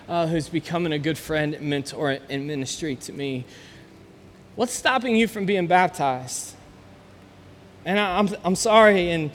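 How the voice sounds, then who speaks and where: A man's voice: on the high side, a little hiss or hum. A man preaching a sermon as pastor, speaking with passion and rising to bursts of emphasis. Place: church sanctuary. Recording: long hall reverb, faint ambience.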